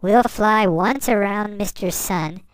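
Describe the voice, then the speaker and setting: A woman voicing a cheerful, fast-moving comet in a bedtime story, calling out in a raised, lively voice. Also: mid-range voice, smooth, dry recording, natural voice. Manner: bright, raised, lively calls. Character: speedy friendly comet, cheerful and bouncy.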